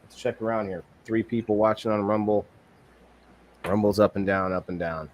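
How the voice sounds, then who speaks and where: A man's voice: fairly low pitch, steady tone, moderate pace, a little hiss or hum. A man hosting a casual live-stream podcast, rambling with many restarts and reading viewer comments aloud. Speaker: podcast host.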